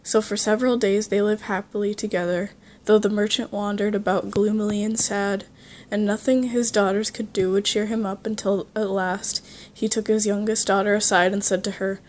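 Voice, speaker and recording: Woman, storyteller, fairy tale read aloud, engaging, mid pitch, faint background hum. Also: little pitch movement, normal speed. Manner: engaging, asks the listener questions.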